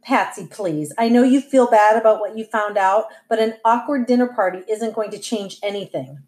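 A woman's voice: mid-range voice, moderate pace, darkish tone, natural voice. A woman reading aloud, voicing a defensive middle-aged father who grumbles and sulks. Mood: grumbling.

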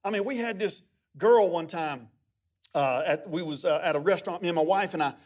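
High-voiced preacher telling stories. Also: male voice, brisk. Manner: animated, humorous storytelling with many restarts. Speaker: guest pastor. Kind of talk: sermon.

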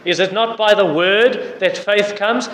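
A man's voice: sits high, unhurried, fairly bright tone. Man preaching in an echoey hall. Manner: earnest, repetitive exhortation with scripture references. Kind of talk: sermon. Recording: echoey hall with faint background noise.

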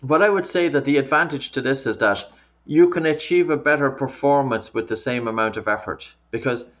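Over remote call audio, a breathing coach patiently explains things in an interview, frequently restarting his sentences. His voice is medium-pitched and fairly bright, and he talks briskly.

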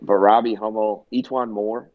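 A young adult man, a basketball coach, telling animated stories in a casual interview and acting out quoted dialogue. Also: fairly low pitch, moderate pace, dry recording, narrow, tinny audio. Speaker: junior college head coach, guest.

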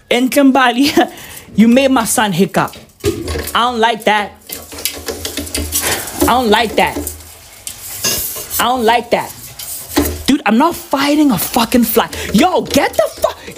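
A man ranting casually and profanely, rambling and excitable, with sudden shouts. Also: very high-pitched, noisy background.

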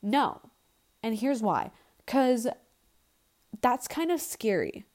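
Speaking slowly in a slightly high, somewhat mellow voice, she is very animated. The young woman hosts her own casual solo podcast, rambling bluntly and profanely without a proper microphone.

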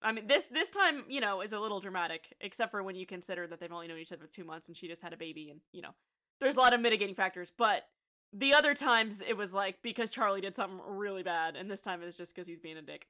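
A woman co-hosts a casual podcast, retelling a TV episode scene by scene. She laughs often and gets animated, with a bright, forceful tone. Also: mid-range voice, fast. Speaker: podcast co-host. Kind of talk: casual chat, recapping a TV episode.

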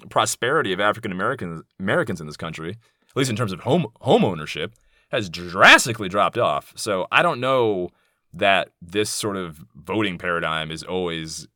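A man's voice: sits low, expressive, normal speed, sharp tone, no room sound, studio quality. A man in his thirties hosting a podcast in a casual monologue, speaking candidly and bluntly, swearing freely and wandering into asides. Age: 30s. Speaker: podcast host.

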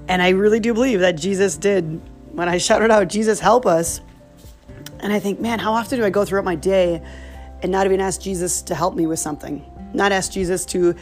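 A woman, a mother, earnestly telling personal faith stories in a casual, animated way. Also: mid-range voice, a little fast, soft background music. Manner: earnest, animated retelling with laughs.

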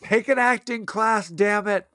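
A man's voice: high-pitched, a little slow, pushed and bright, no echo, clean studio sound. A man co-hosting a casual chat about a film, playful and laughing through his sentences. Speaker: podcast co-host.

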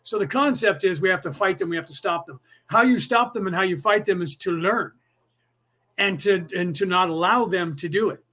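High-voiced man rambling conspiratorially. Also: a little fast, pushed and bright. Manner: rambling, conspiratorial, addresses listeners directly. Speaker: podcast host. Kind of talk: casual live-stream monologue.

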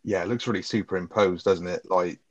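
Man, low voice, casual film chat, lots of swearing, dry close sound. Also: steady tone, a little fast, no echo. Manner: swears often, laughs while talking. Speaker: podcast co-host.

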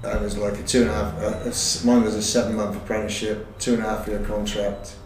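A middle-aged man and former footballer, recalling his career in a halting, rambling way with many fillers. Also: on the low side, little pitch movement, a little hiss or hum. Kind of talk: casual interview chat. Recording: roomy, distant recording.

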